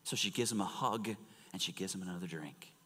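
A man preaching a sermon in a church, animated and storytelling, swinging from loud emphasis to hushed near-whispers. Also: low-pitched, fairly quick, husky. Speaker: pastor. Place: church sanctuary. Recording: long reverb of a large church hall.

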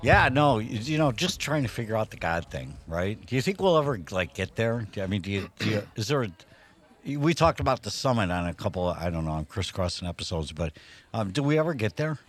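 A man co-hosting a casual podcast chat, agreeable and quick with affirmations. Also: lowish voice, very animated, soft background music. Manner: affirming, lots of backchannel agreement. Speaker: podcast co-host.

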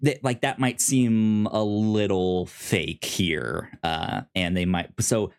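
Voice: sits low, takes it slowly, clean tone. A podcast co-host chatting casually about a TV episode, rambling with many fillers and restarts. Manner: rambling, full of fillers and restarts, acts out quotes in silly voices.

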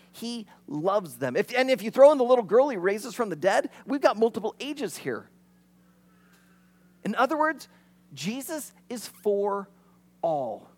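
A man preaching a sermon as pastor, animated, and acting out the quotes he retells. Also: sits high.

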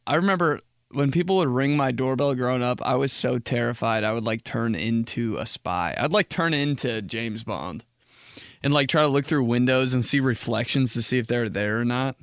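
A young man hosting his own podcast talks in a loose, rambling way, full of "like" filler, and he keeps jumping into jokey high voices. His voice sits in an ordinary middle range. It comes through a close mic in a dry, deadened room. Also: normal speed, fairly bright tone, no echo. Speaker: podcast host. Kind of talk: casual solo podcast chat.

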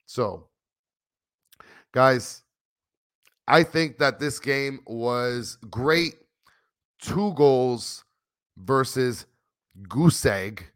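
A man, hosting a casual postgame fan livestream, animated and rambling as he reads chat comments aloud. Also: medium pitch, dry recording, studio quality. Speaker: soccer fan show host.

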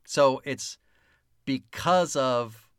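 A man co-hosting a podcast in a loose, chatty way. He drops swear words and laughs a lot, and his voice sits at an ordinary middle pitch. The sound is dry, with the room barely there. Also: extremely slow, a bit bright, smooth, dry recording. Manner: profane, laughs often, mock-stern teasing. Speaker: podcast co-host. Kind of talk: casual chat about a film.

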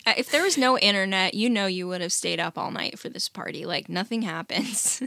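A woman co-hosting a casual podcast, telling a story in a quick, chatty way full of "and he's like.". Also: mid-range voice, lively intonation, gravelly, pushed and bright, a little hiss or hum. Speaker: podcast co-host. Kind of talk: casual book discussion chat.

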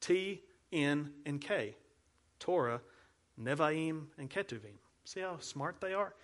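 A man's voice: on the high side, animated, slow pace, fairly bright tone. A man, a pastor giving a playful teaching sermon, walking listeners through memory cues. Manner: playful, explains with hand gestures and repeated cues.

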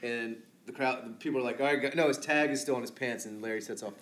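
A man's voice: mid-range voice, fast talker, a bit bright. A man co-hosting a casual movie podcast, loose and swearing, laughing often. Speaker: podcast co-host.

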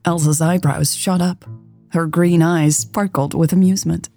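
A woman narrating a romance story in a steady, scripted way. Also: lowish voice, moderate pace, soft background music. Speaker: audiobook narrator.

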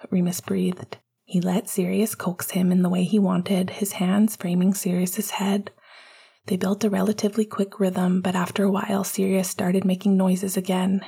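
Woman's husky whispered narration. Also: lowish voice. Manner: hushed intimate reading. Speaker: audiobook narrator.

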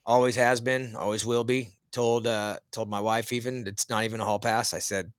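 A man's voice: on the low side, little pitch movement, moderate pace, clean tone. Easygoing young man chatting as a guest. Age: young adult. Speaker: guest musician. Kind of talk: casual chat.

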